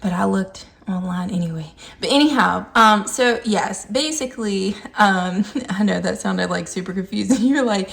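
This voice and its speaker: A woman's voice: mid-range voice, normal speed, creaky, hardly any pauses. A woman chatting casually to camera as she reviews a scented candle, emphatic and playful. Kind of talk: casual vlog chat.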